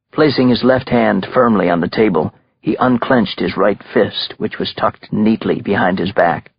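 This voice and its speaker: Guy reading a thriller audiobook, low gravelly husky voice, dry muffled sound. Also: dry recording. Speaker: audiobook narrator. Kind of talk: scripted thriller narration.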